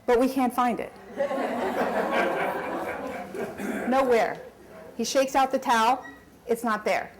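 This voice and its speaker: A woman telling a personal story on stage at a live event, animated and often laughing. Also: a little high, moderate pace, crowd noise, rough recording. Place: story slam stage before an audience.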